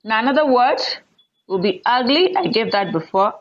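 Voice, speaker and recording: A woman teacher giving an online English lesson on word stress, patiently explaining rules and repeating example words loudly with raised pitch. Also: big pitch swings, moderate pace, highs cut off.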